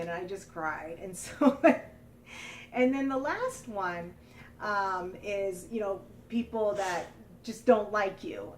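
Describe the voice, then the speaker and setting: A woman's voice: mid-range voice, recorded from a distance, a little hiss or hum, poor audio. Candid woman vlogger telling stories. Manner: candid, animated, mimics others in quotes. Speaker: lifestyle vlogger. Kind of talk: casual storytelling monologue.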